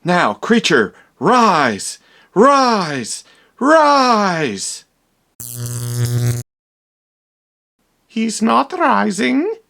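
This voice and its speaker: A man's voice: high voice, sing-song, drawn-out words, vocal fry, bright, forceful tone, exaggerated voice. A man playing a vain, dramatic young doctor in a comedy parody, with theatrical, exaggerated delivery. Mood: commanding.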